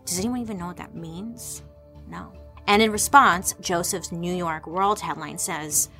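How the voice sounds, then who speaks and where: A woman's voice: on the low side, measured pace, sharp tone, slightly rough, faint music behind. Irreverent, sarcastic woman telling history. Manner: irreverent, sarcastic asides, swears freely; talks to the audience with rhetorical questions. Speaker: history explainer host. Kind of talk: casual comedic history storytelling.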